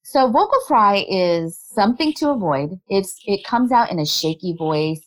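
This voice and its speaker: Woman coaching on body language, lively and chatty, mid pitch, laughs a lot. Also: moderate pace, poor audio. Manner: explanatory, animated, laughs often. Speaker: body language specialist, guest. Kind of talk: conversational interview.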